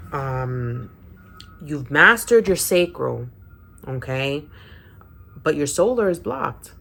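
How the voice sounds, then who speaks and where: A woman's voice: low voice, sing-song, takes it slowly, gravelly, long pauses, fairly bright tone, a little hiss or hum. A woman with a Spanish accent giving a casual tarot reading to her viewers, rambling and often restarting her phrases. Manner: rambling, repeats and restarts phrases, frequent "okay?". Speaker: tarot reader.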